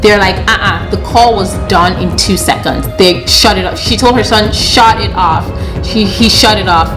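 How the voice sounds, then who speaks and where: A young woman in a casual storytime monologue, recounting events in an animated, exasperated way with plenty of slang. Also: mid-range voice, normal speed, over music. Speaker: storytelling vlogger.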